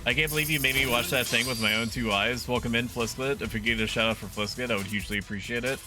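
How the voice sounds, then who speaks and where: A man's voice: fairly low pitch, steady tone, fast, hardly any pauses, pushed and bright, faint music behind. A man streaming a video game with casual commentary, chatty and crude.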